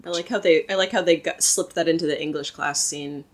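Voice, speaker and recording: A woman on a podcast, chatting about a horror movie in a relaxed, casual way. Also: low voice, a little fast. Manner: relaxed, chatty commentary on scenes. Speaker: podcast guest. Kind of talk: casual movie recap chat.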